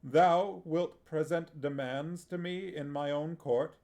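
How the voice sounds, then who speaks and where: A man's voice: a little high, steady tone, takes it slowly, gravelly, a little mellow, pitched above the performer's own voice. A man reading aloud, voicing a proud, offended king who speaks in a haughty, dangerous way.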